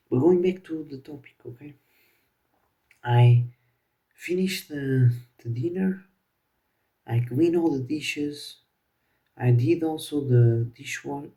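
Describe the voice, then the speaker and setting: Young male vlogger, casual and slangy, dark voice, slightly distant mic. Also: medium pitch. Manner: slangy, keeps saying "bro". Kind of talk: casual storytelling to camera.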